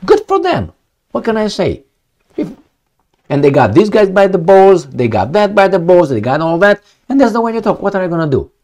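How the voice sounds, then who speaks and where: Blunt, animated male news commentator. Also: medium pitch. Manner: blunt, profane, opinionated; rambling with many fillers and restarts. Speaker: political commentator. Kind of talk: casual commentary on news articles.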